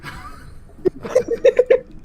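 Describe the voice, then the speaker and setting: High, lively man running a tabletop game. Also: drawn-out words, a crowd in the background. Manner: animated, laughing through narration. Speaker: game master.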